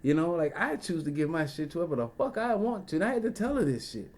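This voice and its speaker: A man with a somewhat high-pitched voice, talking straight into the camera in a loose, rambling rant. He swears freely and keeps drifting into asides and fillers. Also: animated, fast talker, darkish tone. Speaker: vlogger. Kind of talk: casual storytelling rant.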